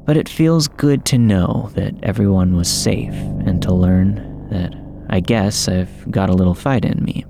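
A man narrating a scripted horror story in a measured, dramatic way. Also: lowish voice, vocal fry, noisy background. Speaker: podcast narrator.

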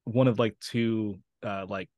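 A man's voice: on the low side, fairly even intonation, unhurried, a little mellow, no room sound, clean studio sound. A young man from New Mexico, an actor guest talking casually in an interview, rambling with lots of fillers and frequent laughs. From Santa Fe, New Mexico.

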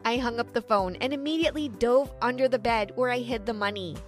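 A woman's voice: on the high side, a little fast, soft background music. A young woman narrating a first-person story in a dramatic storytelling manner. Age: young adult.

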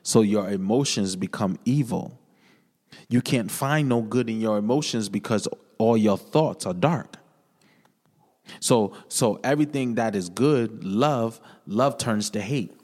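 A man tells his life story as a podcast guest, earnest and conversational, circling back on his own words. His voice sits fairly low. The room rings with a long, echoing reverb. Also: unhurried, a little mellow. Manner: earnest storytelling with many repeated phrases. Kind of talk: personal testimony in casual conversation.

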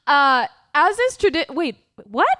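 A giggly, teasing woman from California co-hosts a casual podcast. Her voice is high and very lively in pitch. The sound is dry and close. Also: a little slow, no echo. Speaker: podcast co-host. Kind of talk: casual chat.

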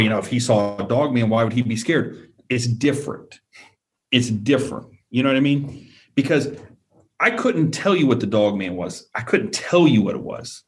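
Man, mid-pitched voice, earnest first-person storyteller, repeats himself and keeps checking in with the listener. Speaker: guest telling a personal encounter.

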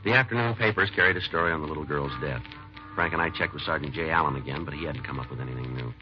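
An actor playing a police detective who narrates in a flat, clipped, matter-of-fact way, in an old radio crime drama. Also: male voice, rumbling low, very fast, music in the background. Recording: dull lo-fi old radio recording.

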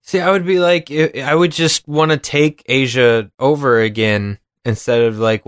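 Male podcast co-host, chatty and laughing, middle pitch, dry close sound. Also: normal speed, clean tone, no echo. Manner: chatty, laughs often, animated recaps. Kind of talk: casual chat.

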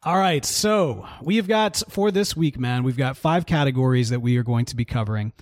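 A man co-hosting a podcast in casual chat, animated and playful, laughing often. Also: medium pitch, moderate pace, dry recording. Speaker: podcast co-host.

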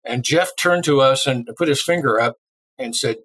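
A man's voice: mid-range voice, normal speed, husky, poor audio. Man from Illinois telling a story. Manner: lively storyteller who acts out quoted voices. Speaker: interview guest, drummer. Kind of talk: casual anecdote telling.

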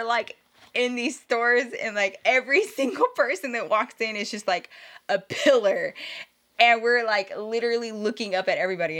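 A young woman from Texas with a light Texan accent, chatting casually as a co-host and telling stories animatedly with frequent laughter. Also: mid-range voice. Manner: animated storyteller, laughs often, does voices in quotes. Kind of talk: casual chat.

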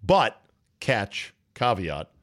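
A man hosting a sports talk show, casual and profane, riffing quickly with his co-host. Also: fairly low pitch, big pitch swings, fairly bright tone. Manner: brash, profane, rapid riffing.

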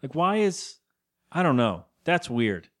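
Fairly high-pitched and a bit bright, this young man's voice swings widely in pitch and moves a little slowly. Co-hosting a podcast, he casually recaps a TV episode in a rambling way and performs the characters' dialogue in put-on voices.

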